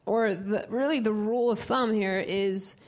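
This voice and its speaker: A woman's voice: medium pitch, moderate pace, a little mellow. Woman leading a singing workshop. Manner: interactive, asks the group questions; demonstrates by singing words. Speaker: choir director and singing teacher.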